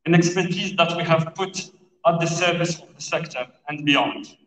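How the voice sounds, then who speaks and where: A man delivering a formal, prepared opening speech at a conference, speaking in a measured and deliberate way. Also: fairly high pitch, steady tone, fairly bright tone, a little hiss or hum. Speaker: conference speaker for an international road federation. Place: large conference hall. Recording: echoey hall, distant and dull.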